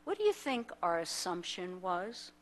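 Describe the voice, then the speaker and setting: A woman's voice: lowish voice, very animated, measured pace. A woman minister from the United States telling a story in a sermon, acting out the people in it as she goes. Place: church sanctuary.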